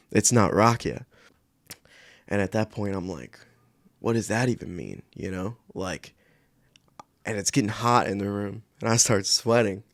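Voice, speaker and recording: Low-voiced man telling a rambling story. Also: no room sound, studio quality. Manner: rambling, conversational, many fillers. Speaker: channel host. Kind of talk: casual storytelling.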